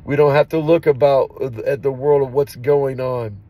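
Male preacher, devotional reading and prayer, fervent, mid pitch. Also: fairly even intonation, moderate pace, lo-fi sound. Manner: fervent preaching, with repeated amens.

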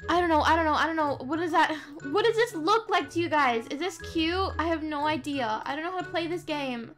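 A woman's voice: high voice, animated, moderate pace, a bit bright. An Australian woman giving casual, bubbly gameplay commentary, gasping often and saying "like" and "oh my gosh" a lot. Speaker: gaming YouTuber. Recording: voice over game music.

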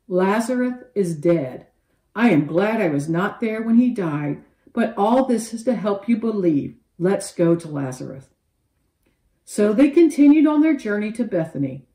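Lively woman telling a Bible story to kids. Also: mid-range voice, echoey room, low-quality recording. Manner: animated storyteller with expressive quoted voices. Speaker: children's Bible teacher. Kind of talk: storytelling Bible lesson for children.

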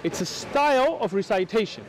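An American man arguing religion out on a city street, his voice very high and swinging up and down as he presses his points. He keeps interrupting and talks over the other man, explaining at length in an insistent tone. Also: normal speed, poor audio. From United States. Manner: insistent, interrupting, explaining with rising animated pitch. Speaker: Muslim street preacher. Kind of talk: heated street debate.

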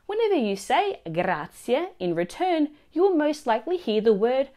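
A woman teaching a language lesson, explaining phrases and their pronunciation clearly and slowly. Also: sits high, big pitch swings, warm tone. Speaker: Italian teacher.

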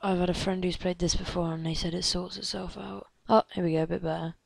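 A woman giving let's play commentary, excitable and gasping, chattering at game characters and dropping into hushed whispers. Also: lowish voice, fast, gravelly, no echo. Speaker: gamer.

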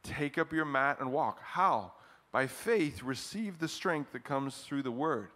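Man, middle-aged pastor, bright, slightly high voice, lively preaching to a congregation. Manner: animated preaching, chuckles often, voice jumps up for emphasis; chants a scripture refrain slowly, leading the congregation. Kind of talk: sermon. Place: church service in front of a congregation.

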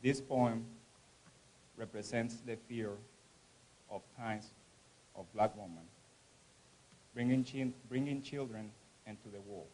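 A man at a campus read-in event giving a slow, solemn poetry recitation with swelling emphasis. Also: medium pitch, warm tone, a little hiss or hum, poor audio. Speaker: event reader.

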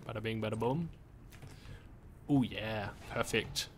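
A man's voice: fairly low pitch, unhurried, a little hiss or hum. A man chatting casually on a game stream, laid-back, chuckling often and swearing casually. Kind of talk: casual gaming stream chat.

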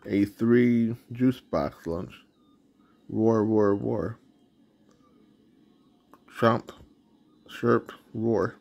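A man's voice: mid-range voice, extremely slow, gravelly, long pauses, a little mellow. A man hosting his channel, reading a picture book aloud with roaring sound effects. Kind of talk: storybook read-aloud.

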